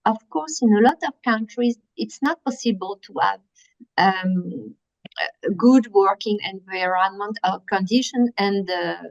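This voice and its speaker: A woman with a French accent giving a workshop presentation, halting and searching for words with many fillers. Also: mid-range voice, dry recording. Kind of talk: online presentation. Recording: dull lo-fi audio.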